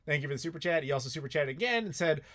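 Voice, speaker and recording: A man's voice: fairly high pitch, lively intonation, rapid-fire, a bit bright. A man casually answering viewer questions on a live stream, rambling and swearing freely with lots of filler words.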